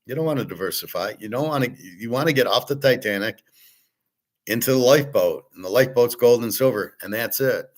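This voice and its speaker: A man's voice: mid-range voice, lively intonation, fairly quick. A man hosting a casual opinion monologue, blunt and profane, arguing with rhetorical questions. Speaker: host.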